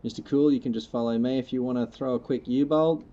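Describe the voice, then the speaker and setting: A man's voice: mid-range voice, fairly even intonation, quick pace, mellow. A man livestreaming a farming game, chatting casually with viewers in a laid-back, rambling, joking way. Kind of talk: casual gameplay chat with viewers. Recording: slightly muffled lo-fi mic.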